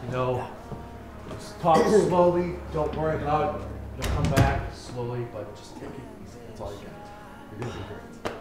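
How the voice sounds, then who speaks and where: A man's voice: on the high side, normal speed, loud music behind the voice, lightly acted. A man playing a casual, upbeat doctor who talks his patient through each step. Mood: reassuring. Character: upbeat male surgeon, chatty and reassuring. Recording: echoey room with noise.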